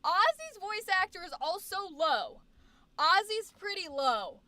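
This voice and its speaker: A woman's voice: extremely high pitch, big pitch swings, unhurried, bright, forceful tone, dry recording. A woman livestreaming in a casual chat, explaining singing technique and demonstrating vowel sounds as she talks. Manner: many fillers and restarts, reads chat aloud. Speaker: streamer.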